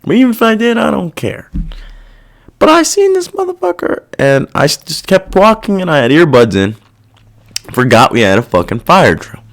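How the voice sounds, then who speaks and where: A man's voice: high-pitched, wildly swooping pitch, moderate pace, creaky. A man hosting a casual solo podcast, venting in a profane, irritated rant that rambles and loses its thread. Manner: rambling, loses his train of thought. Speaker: podcast host. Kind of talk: casual monologue.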